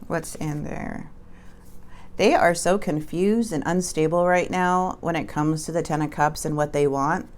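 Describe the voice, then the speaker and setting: A woman's voice: low-pitched, moderate pace, hardly any pauses, a little mellow, a little hiss or hum. A woman giving a casual tarot reading to her viewers, chatty and emphatic, often stumbling and restarting her sentences. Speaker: tarot reader.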